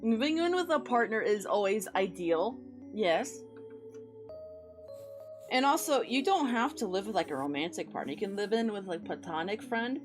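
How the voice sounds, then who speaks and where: A woman's voice: medium pitch, very animated, normal speed, faint music behind. A young woman chatting casually with her viewers while drawing, giving rambling, encouraging advice. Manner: encouraging, rambling, with playful sing-song noises. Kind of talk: casual livestream chat.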